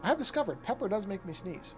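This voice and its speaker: A man's voice: sits high, very animated, quick pace, music in the background. A middle-aged man chatting casually on a live art stream as he paints, thinking aloud with many restarts and yawning now and then. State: yawning often. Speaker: artist streaming his work.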